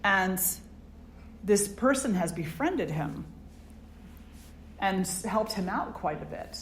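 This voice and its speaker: A woman's voice: mid-range voice, animated, takes it slowly, slight background noise. A woman, a spiritual teacher, giving a reflective, conversational satsang talk and asking her audience questions. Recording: roomy hall with faint ambience.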